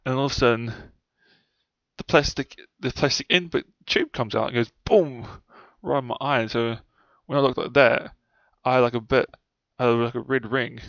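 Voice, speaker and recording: A man's voice: medium pitch, moderate pace, vocal fry, a bit bright, dry recording. A young man with a New Zealand accent telling childhood stories in a rambling, sweary way. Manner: rambling, swears often, trails off. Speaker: vlogger. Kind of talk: casual storytelling to camera. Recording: dull, dry lo-fi sound.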